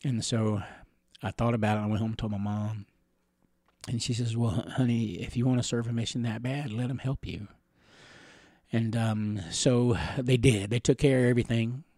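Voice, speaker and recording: A middle-aged man from the Catawba Nation telling personal stories in an interview, rambling gently with chuckles and fillers. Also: medium pitch, steady tone, moderate pace, no echo, studio quality. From Catawba Nation, Carolinas, USA.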